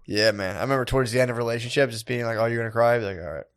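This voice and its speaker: A man's voice: medium pitch, rapid-fire, smooth, dry recording, clean studio sound. A man co-hosting a comedy podcast, chatting casually and crudely and often chiming in to agree. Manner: laid-back, crude banter, often agreeing. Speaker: podcast co-host.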